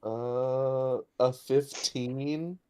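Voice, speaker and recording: Slow, mellow-voiced man playing a game. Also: mid-range voice, steady tone, smooth, no echo. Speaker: player. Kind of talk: casual play over a video call.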